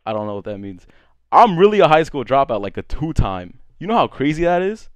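A man's voice: fairly high pitch, very animated, brisk, no echo. A young man, drunk, chatting casually on a streamed dating show, rambling and stuttering with lots of slang. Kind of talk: casual chat.

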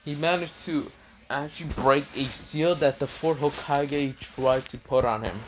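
A man's voice: mid-range voice, steady tone, a little slow, a little hiss or hum, voice pushed up, close to an everyday voice. A man voicing a crude, scheming old male village elder who blusters and swears. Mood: smug.

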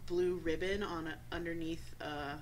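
A woman's voice: fairly low pitch, fairly even intonation, measured pace. A woman guest on a radio talk show, telling stories animatedly, acting out quotes and laughing often. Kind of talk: casual chat. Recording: noisy radio studio recording.

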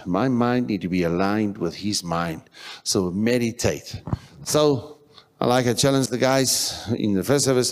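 A middle-aged man preaching in a church, talking conversationally and repeating phrases, with animated bursts. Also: fairly low pitch. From South Africa. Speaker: pastor. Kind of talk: sermon.

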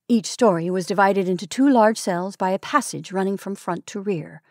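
A woman host narrating a story in a calm, measured reading voice. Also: mid-range voice, dry recording, clean studio sound. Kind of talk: scripted narration.

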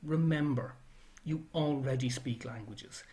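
A man presents an educational library talk at a measured, mid-range pitch. He lists words one by one and breaks off for brief asides. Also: warm tone.

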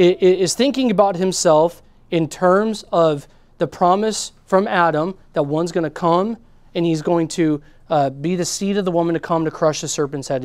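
A man delivers a sermon with a light, high-pitched voice that climbs on emphatic words and sinks into hushed asides. The sound is dry and close, with no room around it. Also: no echo. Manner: earnest preaching, rising and dropping between emphatic and hushed. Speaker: pastor.

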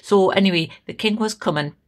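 A middle-aged woman with a Geordie accent, chatting casually and telling a lively story full of reported speech. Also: medium pitch, brisk. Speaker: guest, host's mother.

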